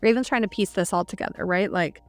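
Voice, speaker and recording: A woman co-hosts a podcast, talking fast in a mid-range voice over faint background music. She casually recaps scenes from a novel, saying "like" constantly and quoting the characters along the way.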